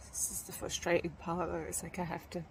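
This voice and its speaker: An exhausted woman talking to camera outdoors in a casual vlog, weary and sighing, sometimes hushed. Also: lowish voice, vocal fry, slight background noise, rough recording. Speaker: walking vlogger. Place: outdoors at a camp spot by a trail.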